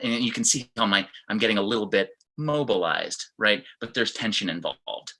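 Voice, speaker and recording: Man, fitness instructor, online class, lowish voice, forceful, demonstrative. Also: fairly quick, hardly any pauses, low-quality recording. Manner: demonstrative, acts out tones of voice.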